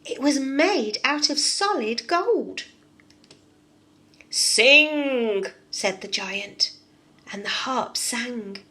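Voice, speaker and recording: A nursery teacher, a woman, reading a storybook aloud to young children in an expressive way and asking them questions. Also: on the high side, takes it slowly.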